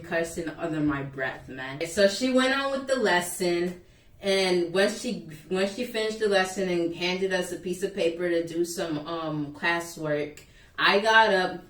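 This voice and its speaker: Young woman spilling a school story, lowish voice, echoey room a bit far from the mic. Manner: chatty, animated storytelling with quoted dialogue. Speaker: vlogger. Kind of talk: casual storytime.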